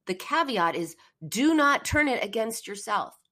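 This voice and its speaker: A woman's voice: fairly high pitch, very animated, a little slow, bright, forceful tone. A middle-aged woman hosting a call-in live stream as a therapist, talking in an earnest, encouraging way. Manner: earnest and encouraging, acts out emotional phrases. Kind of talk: casual live-stream advice talk.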